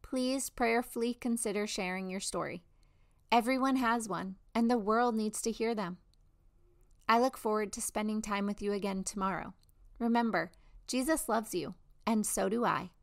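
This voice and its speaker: A woman host introduces testimonies and closes with scripted devotional words. Her voice sits at a middle pitch. She speaks earnestly and encouragingly to her listeners. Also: normal speed, vocal fry. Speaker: host of a faith testimony show.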